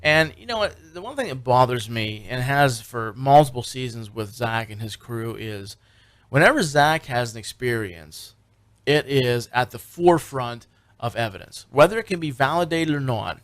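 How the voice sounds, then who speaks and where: A man's voice: medium pitch, lively intonation, normal speed, a bit bright, no room sound. A man co-hosting a radio talk show, telling a long, rambling story with many fillers and restarts. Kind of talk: casual radio chat recapping a TV show.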